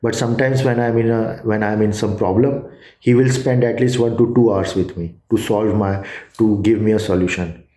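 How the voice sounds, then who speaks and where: Indian accent guy, lowish mellow voice, lots of uhs and restarts, echoey room. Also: steady tone. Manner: halting, many fillers and restarts. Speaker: student giving a testimonial. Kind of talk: casual testimonial.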